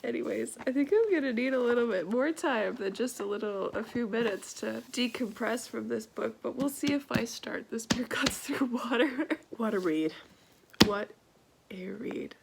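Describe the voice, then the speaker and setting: A young woman chatting casually in a book vlog, stuffy-nosed from crying, emotional and laughing often, sometimes dropping to a soft whisper. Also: a little high, normal speed, gravelly, slight background noise. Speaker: book vlogger.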